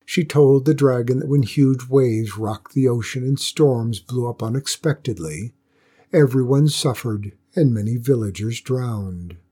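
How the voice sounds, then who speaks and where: Husky-voiced man reading a folktale. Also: medium pitch, measured pace, warm tone. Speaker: narrator. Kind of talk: storybook reading.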